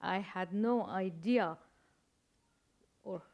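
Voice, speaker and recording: An older woman with a Persian accent, a native Persian speaker, telling stories as a guest author in a reflective interview, halting and searching for words with wry humor. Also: mid-range voice, a little mellow. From Iran.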